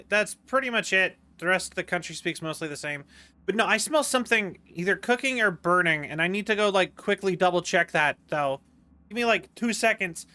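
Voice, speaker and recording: A man's voice: high voice, sharp tone, smooth. A man with a General American accent, chatting casually and rambling on a live stream from home. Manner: rambling, chatty, full of fillers and restarts. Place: home, indoors.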